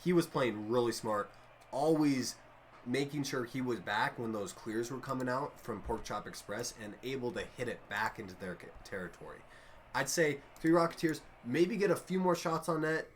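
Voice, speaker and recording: A man calls a video game match live, jumping between excited play-by-play and rambling jokes with his co-caster. His voice sits at an ordinary middle pitch. A steady bed of game noise runs under everything. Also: normal speed. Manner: excitable, jokey, trails off mid-sentence. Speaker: esports caster.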